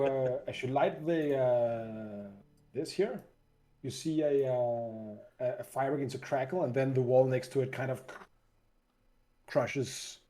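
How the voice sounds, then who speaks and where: A man's voice: mid-range voice, mellow. A man running a tabletop game as game master, narrating with frequent hesitations and restarts. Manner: hesitant, many fillers and restarts.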